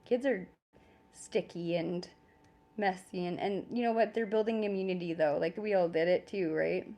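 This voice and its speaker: A woman's voice: on the low side, moderate pace, mellow. A woman with a Canadian accent hosts a casual live stream from home and talks straight into her phone. She chats easily and pokes fun at herself, with frequent laughs and the odd swear word. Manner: chatty and self-deprecating, laughs often, swears casually. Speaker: livestream host.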